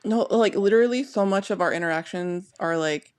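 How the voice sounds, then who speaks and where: A woman co-hosting a podcast, chatting casually with quick, crude interjections. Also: medium pitch, clean tone. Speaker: podcast co-host. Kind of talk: casual chat.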